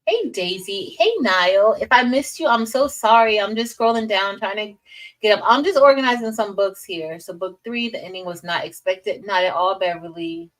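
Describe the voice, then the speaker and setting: A chatty woman teacher talks casually to her livestream viewers, drifting between school stories and crafts. Her voice sits at a middle pitch and sounds a little distant from the mic. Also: moderate pace, a bit bright. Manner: chatty, addresses viewers as y'all, reads chat aloud.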